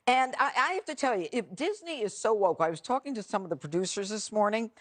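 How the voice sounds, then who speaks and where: A woman's voice: mid-range voice, expressive, quick pace, a bit bright. A woman on a talk panel making pointed, counted-off arguments. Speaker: panel co-host.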